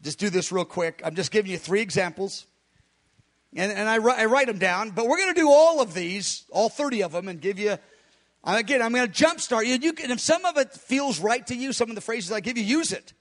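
A man preaching and teaching on prayer, a fast, hard talker who speaks emphatically and breaks into quick laughs. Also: sits high, expressive. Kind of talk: sermon-style teaching.

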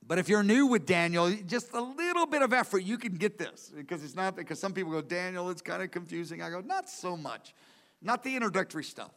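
High-voiced man teaching a sermon. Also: lively intonation, a little fast, fairly bright tone. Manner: earnest, emphatic, repeats key words for stress. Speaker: Bible teacher. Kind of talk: teaching sermon from lecture notes.

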